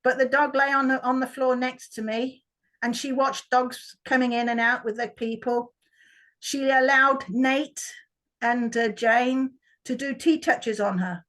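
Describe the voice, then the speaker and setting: A woman's voice: high-pitched, steady tone, unhurried, fairly bright tone, poor audio. A woman, a workshop participant, chattily telling a story about her dog on a video call. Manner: chatty, with restarts.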